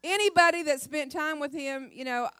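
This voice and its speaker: A woman's voice: high-pitched, normal speed, fairly bright tone, no room sound, clean studio sound. A middle-aged woman giving a humorous testimony sermon, acting out her own cries and often laughing. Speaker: pastor's wife and speaker.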